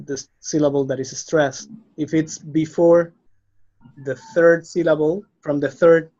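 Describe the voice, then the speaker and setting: A man's voice: fairly high pitch, darkish tone. A man teaching a language lesson, patiently spelling out letters and listing example words. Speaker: Spanish teacher. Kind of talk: slow explanatory lesson. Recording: slightly dull lo-fi recording.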